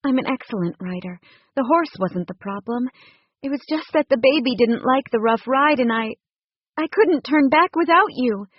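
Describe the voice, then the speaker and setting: A woman voicing a vulnerable, emotional pregnant young woman in an audiobook, her pitch raised and pleading. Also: expressive, normal speed, dry recording, lo-fi sound. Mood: anxious.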